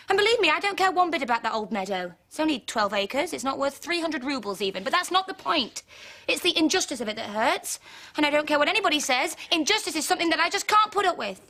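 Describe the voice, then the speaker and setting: A woman playing a stubborn, indignant young woman landowner in a stage comedy, insistent and quick to take offense. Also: sits high, big pitch swings, bright, forceful tone, exaggerated voice. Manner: indignant, insistent, repeats herself.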